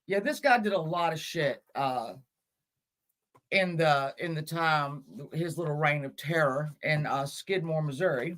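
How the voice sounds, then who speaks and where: A woman's voice: low-pitched, fairly bright tone. Chatty woman livestreaming, voice jumps all over, cussing and laughing at herself. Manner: scattered, chatty, cursing, self-mocking. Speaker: livestream host. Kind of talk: casual livestream chat.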